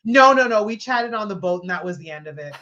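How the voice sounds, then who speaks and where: A woman guest, a comedian, telling a funny story in conversation with lively laughter. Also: mid-range voice, fast talker. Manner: animated, laughing as she tells the story. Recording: slightly dull lo-fi sound.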